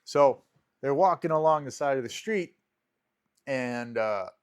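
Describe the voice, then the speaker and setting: A man with an ordinary, middle-pitched voice chats on a podcast. He slips in dry jokes and retells movie scenes, voicing each character as he goes. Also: lively intonation, measured pace, clear, resonant tone. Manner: dry joking, storytelling that acts out characters. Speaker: podcast co-host. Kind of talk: casual chat.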